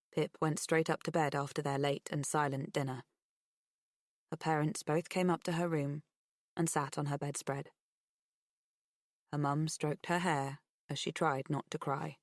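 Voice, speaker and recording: Slow, low-voiced woman narrator. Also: fairly even intonation, no room sound, clean studio sound. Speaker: audiobook narrator. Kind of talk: scripted narration.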